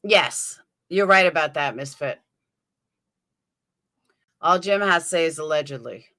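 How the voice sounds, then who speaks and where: Chatty New York woman, bright tense voice. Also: sits low, expressive, measured pace. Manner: chatty, answers viewer comments by name, thinks aloud. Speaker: livestream host. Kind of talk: live chat commentary.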